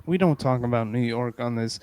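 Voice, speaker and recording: A man hosting a casual comedy podcast, playful and mock-earnest, with loud bursts of excitement. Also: medium pitch, a little fast, clean tone. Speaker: podcast host.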